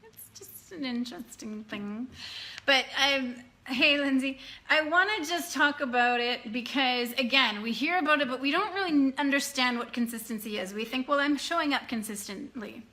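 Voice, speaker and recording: A woman's voice: sits high, moderate pace, bright, forceful tone. A woman coaching her business team in a casual live video at night, greeting viewers by name and talking loosely. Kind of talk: casual live-stream chat to followers. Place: dim room at night.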